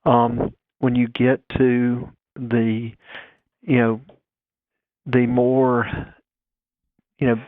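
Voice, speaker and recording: A man's voice: medium pitch, dry recording. A man calling in as a guest engineer, explaining technical details step by step in a phone interview. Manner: explanatory, talks through figures step by step. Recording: dry tinny phone line.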